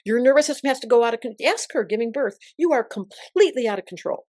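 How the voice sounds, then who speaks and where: An older woman, an astrologer guest in an interview, telling stories in an emphatic, expressive way. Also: on the high side, fast, dry recording, studio quality. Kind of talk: interview conversation.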